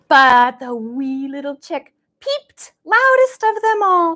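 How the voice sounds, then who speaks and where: A woman's voice: very high-pitched, sing-song, a little slow, a bit bright. A woman leading a live-streamed baby storytime as a children's librarian, talking sing-song and playful, making animal sounds, heard through a camera across the room.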